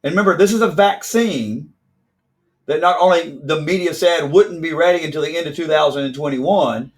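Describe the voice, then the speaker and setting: A man hosting a casual news commentary video from South Carolina, talking in a brisk, opinionated, ranting way. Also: on the high side. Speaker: host.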